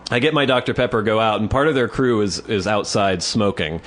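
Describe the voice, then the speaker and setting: A man's voice: fairly low pitch, a little fast. A man co-hosting a podcast, telling a story in casual chat, swearing and acting out the voices of the people in it. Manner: animated, swears, acts out voices in his stories. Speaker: podcast co-host.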